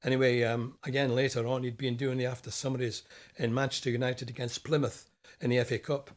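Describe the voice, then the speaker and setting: A man's voice: medium pitch, flat delivery, fairly quick. An older man from Scotland, a former footballer, recalling stories in an easygoing, chatty way as a podcast guest. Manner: easygoing, anecdotal recollection. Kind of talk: casual interview chat.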